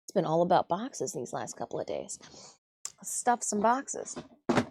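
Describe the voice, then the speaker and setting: A woman's voice: on the low side, sing-song, unhurried, creaky, noisy background. Chatty woman livestreaming her crafting. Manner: rambling, chatty, self-deprecating asides. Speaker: livestream host. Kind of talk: casual live-stream chat while crafting.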